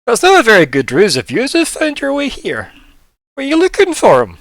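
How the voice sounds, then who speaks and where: A man's voice: very high-pitched, huge pitch swings, fairly quick, a bit bright, no room sound, voice pushed up, full character voice. A man voicing a lazy, forgetful male creature who has just been woken, speaking in a raised, indignant, drowsy voice. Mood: wry. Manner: sleepy, forgetful, theatrically indignant.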